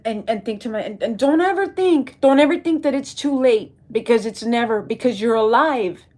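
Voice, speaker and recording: A woman's voice: on the high side, darkish tone. A woman from Texas talking to viewers on a livestream, rambling and emotional, reading and answering the chat as she goes. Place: at home.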